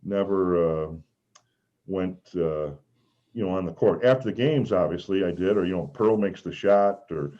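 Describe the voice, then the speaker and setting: A man's voice: low-pitched, moderate pace. A man telling rambling stories as a former mascot guest on a video call. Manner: rambling, animated, shouts out quoted lines. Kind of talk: casual storytelling on a video call. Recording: dull lo-fi video call audio.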